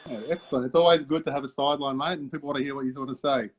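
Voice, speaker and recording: An older Australian man hosting a casual live interview over a video call, friendly and quick to laugh, calling his guest mate. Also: mid-range voice, steady tone, slight background noise. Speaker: host.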